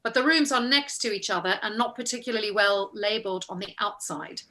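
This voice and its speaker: Bright-voiced woman telling a story. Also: medium pitch, a little fast. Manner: animated storytelling, acting out quoted voices. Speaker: actress, interview guest. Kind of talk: casual anecdote in an interview.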